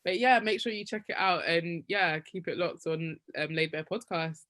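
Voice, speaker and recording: A woman's voice: lowish voice, normal speed, fairly bright tone. A woman, a guest on a podcast, talking in an effusive, exclaiming way. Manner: effusive, exclaiming, laughs often. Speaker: podcast guest, sex and dating writer. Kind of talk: casual chat.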